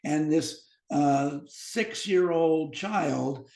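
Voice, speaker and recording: In a creaky, slightly high voice, a fifties-aged physician speaks extremely slowly as a podcast guest in an echoey room. He tells animated medical anecdotes, performing the dialogue as he goes.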